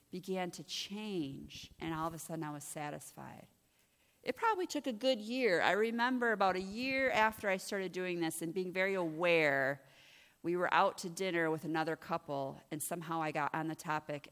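A middle-aged woman giving a personal testimony as a ministry director, telling her story with animated, acted-out dialogue. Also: on the low side. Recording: long reverb of a large hall.

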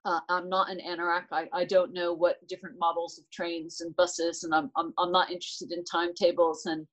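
A woman in her forties with an American accent, talking thoughtfully as an interview guest, with frequent pauses and restarts. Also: lowish voice, little pitch movement, a bit bright, low-quality recording. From United States. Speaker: interview guest, transport director. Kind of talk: casual interview chat.

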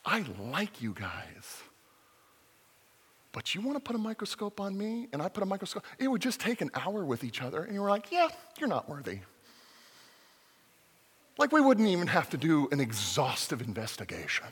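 A man preaching a sermon as a pastor, lively and joking, with acted-out quotes. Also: high voice, fairly quick, slightly rough, big-room sound.

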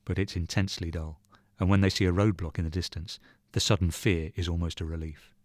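A man reading a short story aloud in measured, even narration. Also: deep voice, no room sound, studio quality. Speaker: reader.

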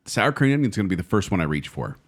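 Guy cohosting a chill podcast, super bouncy up-and-down voice, reads reviews out loud all playful. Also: on the low side, very fast. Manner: animated, reads product blurbs and reviews aloud. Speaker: podcast co-host. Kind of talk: casual chat.

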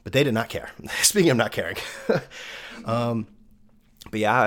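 A young man hosting a podcast tells a personal story in a loose, conversational monologue, swearing occasionally and laughing between thoughts. His voice is lowish and creaky, at a moderate pace.

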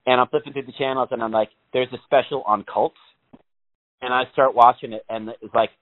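A man's voice: mid-range voice, steady tone, a little fast, no room sound. Male co-host, rambling and profane, laughs a lot, phone-quality sound. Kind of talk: casual profane chat. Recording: phone-like narrow band.

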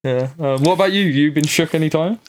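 A man's voice: a little high, fast. A young man, hosting a podcast and telling a story in casual chat, laughing and acting out the voices of the people in it. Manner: animated storyteller, laughing, slangy, acts out voices. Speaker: podcast host.

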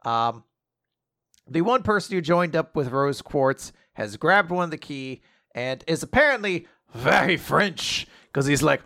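A man's voice: fairly high pitch, lively intonation, unhurried, creaky, sharp tone, no room sound, clean studio sound. A man co-hosting a casual show who recaps comic chapters in a loose way and laughs easily. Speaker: podcast co-host.

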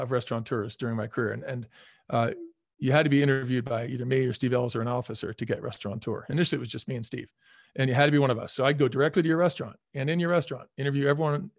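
A middle-aged man, a former restaurant executive, telling stories as an interview guest in an energetic, emphatic way. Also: mid-range voice, vocal fry, no echo, studio quality. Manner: energetic, emphatic, acts out quoted people. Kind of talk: casual storytelling in a podcast interview.

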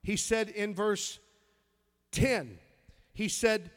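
A man preaches with an emphatic, high voice, stumbling and restarting as he finds his verses. The church around him leaves a long reverb on every word. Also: steady tone. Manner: emphatic, reads scripture aloud with halting restarts. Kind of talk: sermon.

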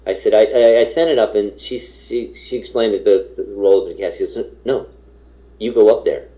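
A middle-aged man tells a story in a deep, warm voice, circling back and tripping over his words. He breaks into the voices of people he quotes. The recording sounds dull and muffled. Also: normal speed. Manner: rambling, self-interrupting storyteller who acts out quoted voices. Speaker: guest telling a story. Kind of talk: casual anecdote.

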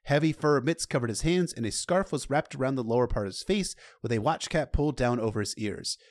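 A man's voice: mid-range voice, animated, a little fast. A man retelling a novel's chapter in a loose, conversational way, with casual asides to the listener. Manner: loose and conversational, with occasional profanity. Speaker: storyteller.

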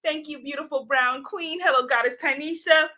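A woman's voice: high-pitched, moderate pace, bright, forceful tone. A woman hosting a live stream as an author, chatting effusively with viewers, greeting commenters by name and laughing often. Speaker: livestream host and author.

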